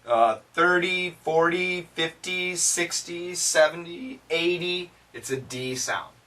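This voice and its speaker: An American man teaching English pronunciation, patiently repeating words slowly so learners can drill them. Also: fairly high pitch, pushed and bright, far from the mic. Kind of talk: pronunciation lesson.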